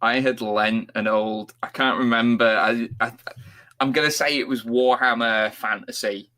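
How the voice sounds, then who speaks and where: A man's voice: mid-range voice, fairly even intonation, unhurried, sharp tone. A man co-hosting a podcast, joking and laughing at his own jokes. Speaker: podcast co-host. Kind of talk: casual chat.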